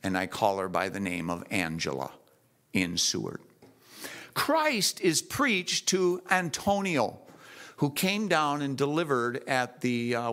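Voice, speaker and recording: A man preaching a sermon in church, telling stories in a lively, animated way. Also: medium pitch.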